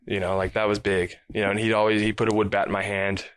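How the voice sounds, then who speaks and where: A man with a somewhat low voice chats casually in an interview. He recounts stories and fills them out with a lot of "like." He sounds easy and conversational. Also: fast, smooth. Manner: chatty, many "like" fillers, animated recounting. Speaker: professional baseball player, guest.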